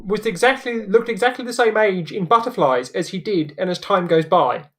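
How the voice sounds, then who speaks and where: A man's voice: high voice, moderate pace, fairly bright tone. A man chatting casually, with dry, pedantic humor. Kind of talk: casual chat.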